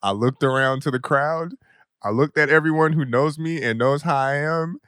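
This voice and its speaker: A man's voice: fairly high pitch, normal speed, clear, resonant tone, no room sound, studio quality. Laughing young man telling wild stories. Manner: laughing often, loose, profane and animated. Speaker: podcast host. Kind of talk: comedic storytelling.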